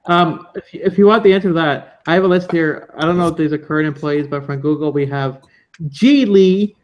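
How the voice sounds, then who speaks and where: A man's voice: a little high, fairly quick, highs cut off. A man co-hosting a casual talk show, chiming in with hesitant remarks. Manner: hesitant, tentative interjections. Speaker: co-host.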